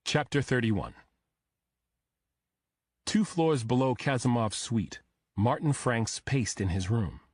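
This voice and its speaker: A man narrating a crime thriller audiobook in the first person, measured and even. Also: mid-range voice, slightly rough, dry recording.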